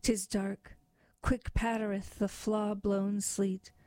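Female poetry reader, measured and expressive, very slow, dry close sound. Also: mid-range voice, no echo. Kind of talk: poetry reading.

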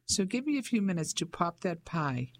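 An audiobook narrator voicing a spirited Englishwoman who speaks briskly and self-assuredly. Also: on the low side, big pitch swings, no echo. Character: spirited Englishwoman living abroad.

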